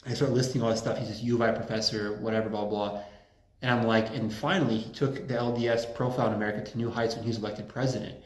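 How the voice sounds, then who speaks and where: A man's voice: fairly low pitch, fairly even intonation, fast talker. A man giving a casual lecture to a small group, joking and rambling through anecdotes. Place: room at a campus Catholic center. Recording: roomy echo.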